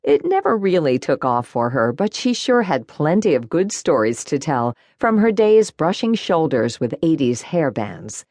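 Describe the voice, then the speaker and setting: A woman narrating a first-person cozy mystery audiobook in an expressive, warm storytelling manner. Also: sits low, unhurried, few pauses, dry recording.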